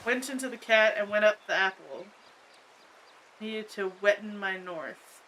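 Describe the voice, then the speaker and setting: A woman's voice: medium pitch, unhurried, sharp tone, a little hiss or hum. A woman streaming a video game from home, chatting casually and laughing often as she thinks aloud. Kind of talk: casual gameplay commentary. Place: home, cat on her lap.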